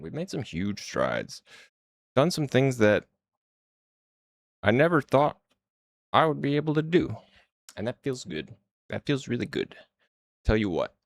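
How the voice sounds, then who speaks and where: A man's voice: fairly low pitch, creaky, no room sound. A man streaming his indie game development, chatting to viewers in a hyped-up, rambling way. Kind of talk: casual livestream chat.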